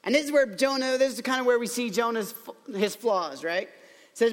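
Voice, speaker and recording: A man preaching a casual, conversational sermon, telling the story chattily with playful asides and quick restarts. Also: very high voice. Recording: long hall reverb.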